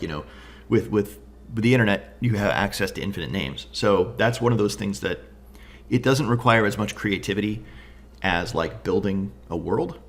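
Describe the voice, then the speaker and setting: A man's voice: on the low side, a little hiss or hum. A man casually reviewing tabletop game books, enthusiastic and thinking aloud, often asking "right?".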